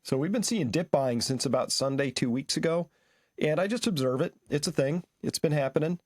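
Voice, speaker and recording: A man's voice: fairly high pitch, expressive, fairly quick, no echo. A man co-hosting a conversational market discussion, who walks through charts and figures in an analytical way.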